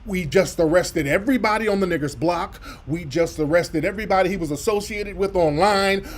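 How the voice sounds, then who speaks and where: Blunt, high-voiced male commentator. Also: fairly quick. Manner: blunt, profane, mocking. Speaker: radio host. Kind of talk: commentary over played clips.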